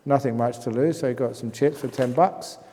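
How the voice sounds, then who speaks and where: Man from England, Buddhist monk, Q&A talk, humorous stories, mellow voice, long hall reverb. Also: medium pitch, steady tone, fairly quick. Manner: humorous anecdotal storytelling. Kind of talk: Q&A talk at a retreat. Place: meditation hall.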